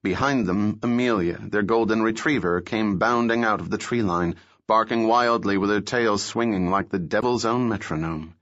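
A man narrating an audiobook in a steady, measured storytelling manner. His voice sits fairly low, and the recording sounds dull and lo-fi.

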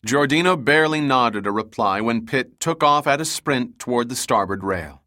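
A man reading an action novel aloud as an audiobook narrator, with steady dramatic storytelling. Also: medium pitch, normal speed, dry recording, clean studio sound.

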